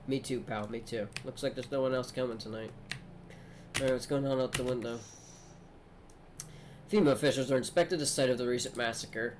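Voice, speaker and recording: A man's voice: medium pitch, a little fast, slight background noise. A man streaming a game, casually commenting, talking to chat and reading dialogue aloud. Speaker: gaming streamer.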